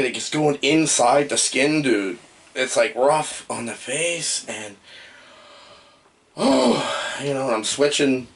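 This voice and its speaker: Male horror host, lively swooping pitch, jokey and rambling. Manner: rambling, excitable, jokey, yelps and outbursts. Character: male demon posing as human host. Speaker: horror movie reviewer. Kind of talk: comedic in-character movie review.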